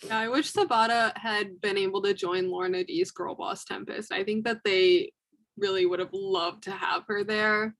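A young woman in a casual book chat, animated and laughing, acting out scenes as she retells them. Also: medium pitch, normal speed. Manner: animated, laughing, acts out quotes.

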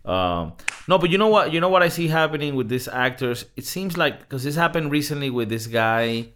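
A man's voice: fairly high pitch, lively intonation, fairly quick, fairly bright tone. A man co-hosting a casual podcast, telling stories animatedly, mimicking people and swearing freely. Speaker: podcast co-host.

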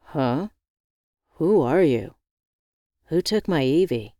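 A man's voice: mid-range voice, measured pace, clear, resonant tone, dry recording, studio quality, close to an everyday voice. A woman reading the part of a male friend who teases and encourages over the phone. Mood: teasing. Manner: warm teasing, encouraging.

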